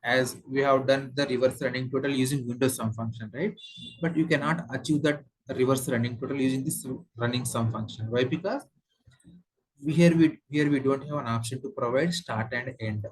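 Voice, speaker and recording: A man with an Indian English accent teaching a software tutorial, explaining step by step with frequent fillers and repeats. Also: medium pitch, normal speed, slightly rough, low-quality recording. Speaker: software trainer. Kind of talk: screen-share tutorial lesson.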